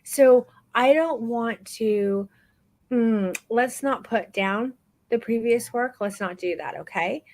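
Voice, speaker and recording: A woman hosting a live online photography class, talking warmly and encouragingly to her students, calling them "baby" and stretching out words for emphasis. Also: fairly high pitch, slow, rough recording. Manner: warm encouraging, calls people baby. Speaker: photography course instructor.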